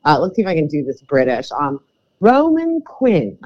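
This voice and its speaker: A woman's voice: low voice, fast. A woman co-hosting a casual sports podcast, chatty, laughing often and trailing off mid-sentence. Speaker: co-host. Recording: dull lo-fi audio.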